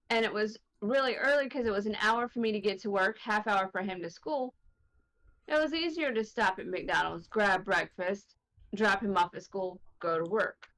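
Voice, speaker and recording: A woman's voice: medium pitch, moderate pace, fairly bright tone, low-quality recording. A woman co-hosting a casual podcast who tells everyday stories in a matter-of-fact way. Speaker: podcast co-host. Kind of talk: casual chat.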